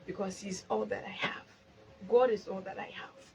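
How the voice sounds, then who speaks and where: Ghanaian woman, mid pitch, live-stream host, emotional testimony mixing English and Twi, faint noise under it. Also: fairly even intonation, normal speed, creaky, rough recording. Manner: emotional, swings from loud exclaiming to soft prayerful tones; mixes English with Twi phrases.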